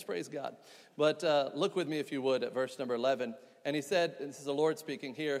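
A middle-aged man preaching a sermon in a church, reading scripture, praying, then building to loud, slow, emphatic preaching. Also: a little high. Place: church sanctuary. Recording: long church reverb.

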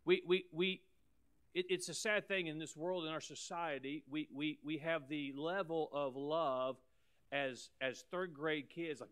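Emphatic pastor preaching a sermon. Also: male voice, a little high, a little slow. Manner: emphatic, repeats words, swings loud and soft.

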